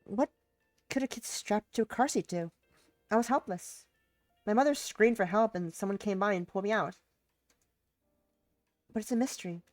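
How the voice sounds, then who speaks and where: Sick woman voicing a gentle young heroine. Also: medium pitch, moderate pace, long pauses, no room sound, soft background music, voice pushed up, natural voice. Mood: earnest. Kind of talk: voicing visual novel player character.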